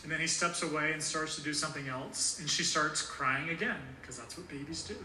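Bright-voiced man preaching in an echoey church. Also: fairly high pitch, a little fast, a little hiss or hum. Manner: earnest, conversational preaching with fillers. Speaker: pastor. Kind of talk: sermon. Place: church sanctuary. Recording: echoey room heard from a distance.

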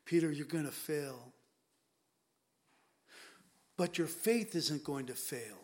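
A man's voice: fairly high pitch, slow pace, a little mellow. A man as a pastor, earnestly preaching and then praying aloud in a church, with repeated, pleading appeals. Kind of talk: sermon and closing prayer. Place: church sanctuary.

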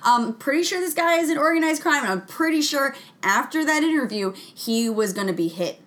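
A woman with a fairly high voice whose pitch rises and falls expressively. She chats casually on a podcast, telling a playful theory and giggling as she goes. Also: expressive, a little fast, a bit bright. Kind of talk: casual chat.

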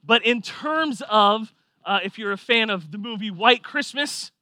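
A man preaching a sermon, telling a personal story with lively swings from quiet reflection to loud excitement. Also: high voice, a little slow, no echo. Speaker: pastor.

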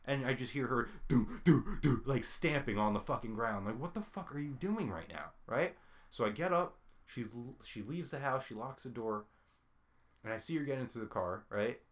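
A young man telling a story in a casual chat, swearing freely and ranting with animated frustration. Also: mid-range voice, normal speed.

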